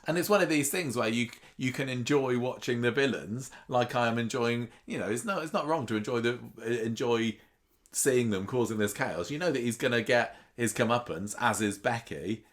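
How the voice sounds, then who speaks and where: A man's voice: mid-range voice, moderate pace. A man co-hosting a podcast, musing in casual chat and thinking aloud with restarts. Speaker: podcast co-host. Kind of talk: casual chat recapping a soap.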